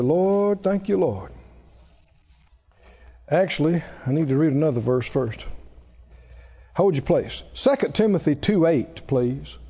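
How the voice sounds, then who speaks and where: A male pastor delivers an emphatic sermon, his voice pitched high but dark and mellow in tone. He leans hard into key phrases. The recording sounds dull and lo-fi. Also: husky.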